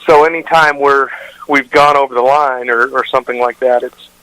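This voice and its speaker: A man's voice: mid-range voice, fairly even intonation, moderate pace, pushed and bright, smooth, no room sound, rough recording. A man who hosts a radio show, telling stories in a casual interview with rambling restarts and fillers. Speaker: radio show host, guest.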